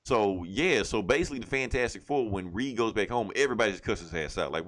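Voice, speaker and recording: Low-voiced man animatedly retelling a comic. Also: quick pace. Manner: animated retelling, acting out characters' lines, heavy cursing. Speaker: podcast co-host. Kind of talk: casual comic book review chat.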